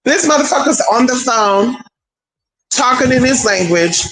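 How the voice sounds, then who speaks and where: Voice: mid-range voice, expressive, measured pace, a bit bright, low-quality recording. A streamer in a casual spiritual monologue, chatty and profane, speaking straight to viewers as y'all and girl.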